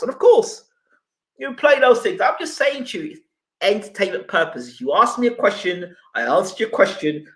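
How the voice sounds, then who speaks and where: A man hosting a live boxing stream, arguing with viewers and asking rhetorical questions. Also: a little high. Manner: animated and argumentative, with rhetorical questions. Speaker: boxing channel host. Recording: echoey room.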